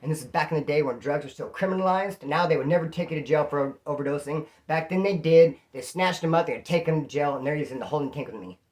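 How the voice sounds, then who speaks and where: A man recounting a jail story in loose, slang-heavy talk. He keeps the telling lively by putting on the voices of the people in it. His tone stays casual and conversational throughout. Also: fairly high pitch, fast talker, hardly any pauses. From California. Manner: slangy, animated, acts out quoted voices. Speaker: prison storyteller.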